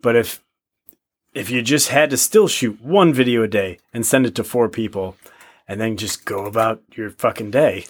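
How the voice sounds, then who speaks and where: A man's voice: lowish voice, moderate pace, breathy edge. A man co-hosting a podcast in casual banter, pressing his point and repeating himself. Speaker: podcast co-host.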